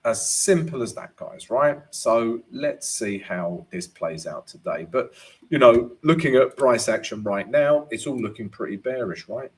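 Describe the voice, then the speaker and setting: Lively, chatty man hosting a trading stream. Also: medium pitch, unhurried. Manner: casual, chatty, often adds "right?" and "guys"; laughs at his own jokes. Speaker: trading educator hosting a live Q&A. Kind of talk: live chart analysis and viewer Q&A.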